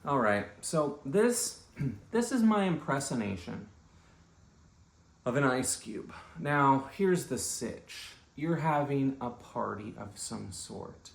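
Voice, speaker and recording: A man's voice: medium pitch, very animated, takes it slowly, vocal fry. Rambling comic man in an echoey room. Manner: rambling, self-interrupting, conversational asides. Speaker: comedian. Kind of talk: rambling comedic monologue.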